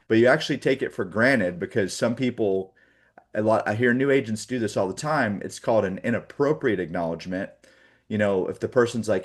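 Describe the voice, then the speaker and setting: A man's voice: fairly low pitch, expressive, normal speed. A man in his forties giving a casual morning training talk to sales agents, full of fillers and acted-out call examples.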